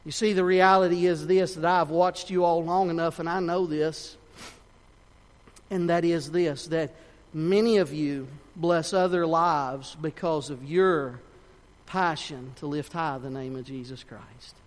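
A man preaching a sermon in a fervent, folksy way, swinging between shouts and hushed tones. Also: on the high side, fairly even intonation, measured pace. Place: church sanctuary. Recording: long reverb of a church hall.

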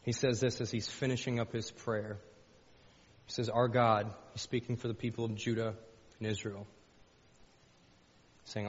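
A man's voice: fairly low pitch, little pitch movement, moderate pace, pauses often, breathy edge. A man preaching a sermon as pastor, folksy, repeating phrases and rising into fervent pleading. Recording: dull lo-fi sound with long hall reverb.

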